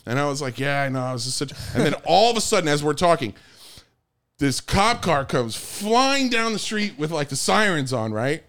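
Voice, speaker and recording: A man casually telling a story among friends, animated, swearing a lot and acting out the quotes. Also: on the high side, normal speed.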